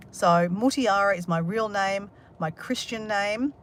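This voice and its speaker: An Australian woman talks on a livestream in a loose, rambling way, trading dry, sarcastic jokes with viewers as she reads their comments aloud. Her voice sits at an ordinary middle pitch, with a faint hum of room noise behind her. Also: moderate pace. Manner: chatty and rambling, with self-mocking sarcastic humour. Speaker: livestream host. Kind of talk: casual live chat reading comments.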